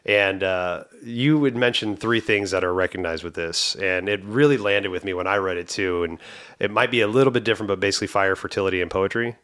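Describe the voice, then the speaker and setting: Deep-voiced man musing aloud. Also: fairly bright tone. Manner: halting, many fillers and restarts, then reflective. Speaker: co-host. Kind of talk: casual conversation.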